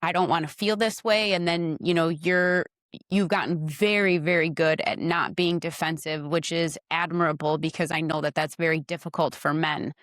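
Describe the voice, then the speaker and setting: The host's wife, a podcast guest, chats casually and gives blunt advice about marriage, acting out brief dialogues along the way. She speaks at normal speed in a low-pitched, fairly even, slightly bright voice. The studio-quality recording is dry.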